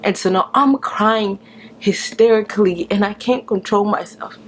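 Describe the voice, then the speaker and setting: A woman retelling a painful experience, halting and restarting, with whispered quotes. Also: medium pitch, slight background noise. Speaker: vlogger. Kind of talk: emotional personal story.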